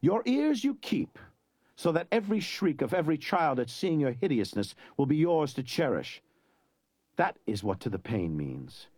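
A man voicing a weakened young hero who lists cold threats in a soft, measured way. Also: medium pitch, big pitch swings, breathy edge, no room sound, clean studio sound. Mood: menacing. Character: weak but menacing young hero, cold and mocking.

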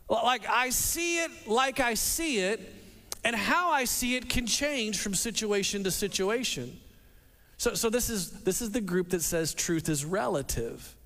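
Lively high-voiced male preacher. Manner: animated, repeats words as he restarts, acts out quotes. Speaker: pastor. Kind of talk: sermon. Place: church hall with a congregation. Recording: long reverb of a large hall.

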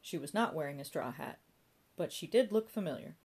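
A woman reading a comic novel aloud with a low, even-toned voice and dry timing. Her delivery is steady scripted narration. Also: fairly quick, vocal fry, husky. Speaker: audiobook narrator.

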